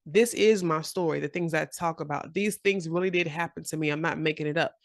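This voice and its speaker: A woman in her forties giving a casual, encouraging motivational talk to camera, animated and often laughing. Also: deep voice, a little fast, no room sound, clean studio sound. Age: 40s. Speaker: journaling vlogger.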